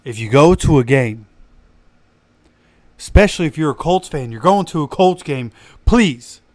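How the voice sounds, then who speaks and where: This man's voice sits on the high side, with lively intonation and a measured pace, captured in a dry recording. Hosting a fan livestream, he rants animatedly and preaches to viewers as his voice recovers from being lost.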